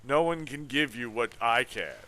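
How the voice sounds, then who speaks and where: A man voicing a smug, scheming sea creature from a dating game, talking low and hushed like he's letting you in on a secret. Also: moderate pace, slight background noise, close to an everyday voice. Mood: sultry, secretive. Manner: low, hushed, seductive teasing.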